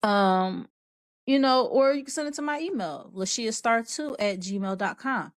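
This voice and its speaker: A woman's voice: on the high side, expressive, a little slow, no echo. A woman hosting a live online show in a casual, rambling way. She laughs often and reads out viewer comments. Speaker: show host. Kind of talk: casual livestream chat.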